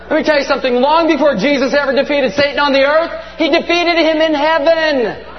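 A man's voice: very high-pitched, fairly even intonation, a little fast, big-room sound, muffled recording, some chatter behind, slight background noise. A man preaching a comic sermon in a large church, joking and teasing his audience. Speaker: pastor.

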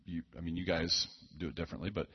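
A man preaches in a loose, folksy storytelling style, doubling back and tossing in asides. His voice sits low with a husky grain. The recording is a little dull and lo-fi. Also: flat delivery, fast talker. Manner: folksy, conversational, frequent restarts and asides. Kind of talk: storytelling sermon. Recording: dull lo-fi sound.

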